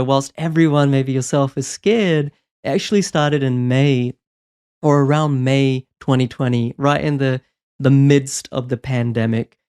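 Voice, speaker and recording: A man coaching on property investment, talking in an energetic, persuasive way and often checking in with "right?". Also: mid-range voice, clean tone. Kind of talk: motivational advice talk.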